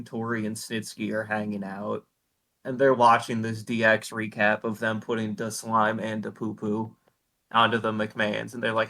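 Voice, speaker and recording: Podcast co-host, male, gravelly and bright-toned, deadpan profane recap delivery. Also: on the low side. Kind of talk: casual chat.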